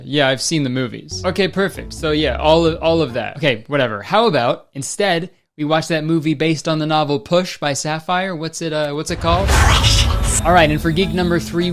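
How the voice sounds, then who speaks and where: A man giving comedic commentary on an old TV show, cracking dry, crude jokes and laughing often. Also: fairly high pitch.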